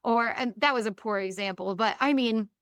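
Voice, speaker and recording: A woman's voice: on the high side, normal speed, smooth, no room sound. Upbeat woman, dry close sound. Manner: earnest, upbeat, often laughing softly. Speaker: guest. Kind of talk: casual podcast conversation.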